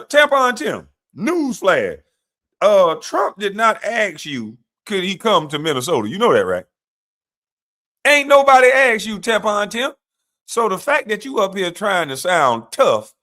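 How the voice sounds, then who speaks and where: A man's voice: a little high, fairly bright tone. Fired-up man ranting on a livestream. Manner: combative, mocking, talks back to clips. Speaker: livestream commentator. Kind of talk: heated political commentary livestream.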